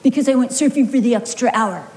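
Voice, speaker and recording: A woman's voice: fairly high pitch, quick pace, a little mellow, lightly acted. A woman quoting her exasperated, defensive husband, sarcastic in her own voice. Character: exasperated husband, adult man.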